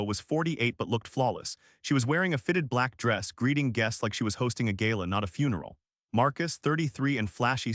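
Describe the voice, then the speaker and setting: A man's voice: medium pitch, fairly bright tone, no echo, clean studio sound. A man giving a scripted first-person narration of a family drama, told in an earnest, dramatic way. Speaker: story narrator.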